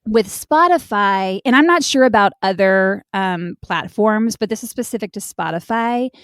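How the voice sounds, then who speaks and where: A woman's voice: medium pitch, expressive, moderate pace, clean tone, no room sound, clean studio sound. A woman co-hosting a podcast in laid-back, chatty conversation with casual swearing. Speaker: podcast co-host. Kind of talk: casual chat.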